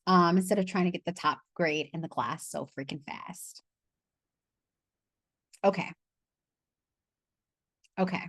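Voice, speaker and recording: A woman's voice: on the low side, a little slow, long pauses, fairly bright tone, no echo, clean studio sound. Chatty, laughing woman coach on a call. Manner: chatty, laughs and swears, loses her train of thought. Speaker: money coach leading a masterclass. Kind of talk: casual live online class. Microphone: video call.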